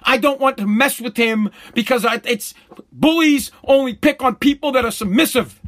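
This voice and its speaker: A man's voice: very high-pitched, normal speed, fairly bright tone. A middle-aged man, hosting a show and telling a profane story bluntly, with many restarts. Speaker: show host.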